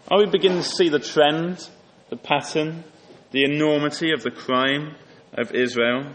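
A man preaching a sermon earnestly, lifting his voice for emphasis and dropping low and quiet on solemn points. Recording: long hall reverb.

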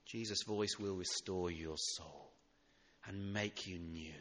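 Male pastor, expressive sermon delivery from emphatic to hushed; bright tone, lowish pitch, long church reverb. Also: measured pace, vocal fry. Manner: expressive, swinging from loud emphasis to hushed tenderness.

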